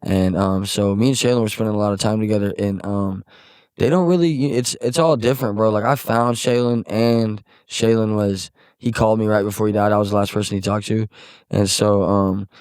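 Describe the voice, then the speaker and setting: A young man from Missouri with a fairly low voice talks as a podcast guest, loose and rambling, full of "like" and "bro" and casual swearing. His tone is subdued and heavy. The sound is dry and close, with no room around it. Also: fairly even intonation, a little fast, darkish tone, clean tone, no echo. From Missouri, USA. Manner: subdued and heavy when recounting loss. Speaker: podcast guest, songwriter and musician. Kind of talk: casual conversation.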